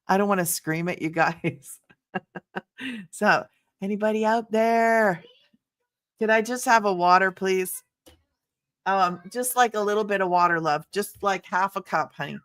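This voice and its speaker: An older woman hosting a casual livestream, chatty and excitable, greeting viewers by name and laughing often. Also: medium pitch, slow pace, pauses often. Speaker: livestream host selling online business programs.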